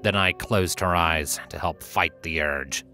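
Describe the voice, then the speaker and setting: A man reading a fanfiction story aloud with steady, dramatic narration. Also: low voice, unhurried, faint music behind. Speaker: narrator and reader.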